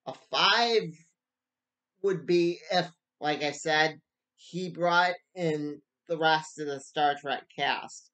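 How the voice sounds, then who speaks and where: A man's voice: fairly high pitch, slow pace, sharp tone. A man giving a casual solo book review, rambling and stop-start with frequent restarts.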